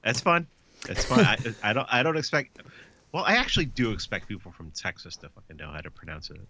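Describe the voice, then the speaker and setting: Deep, lively man on a muffled line. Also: fairly quick. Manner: laughing, easygoing, swears casually. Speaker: co-host and editor. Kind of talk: casual chat on a call.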